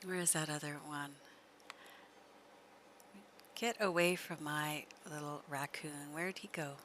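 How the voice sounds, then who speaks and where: A woman's voice: low voice, steady tone, slow, fairly bright tone, a little hiss or hum. A woman streamer giving chatty live gameplay commentary, laughing often and coaxing her horse along.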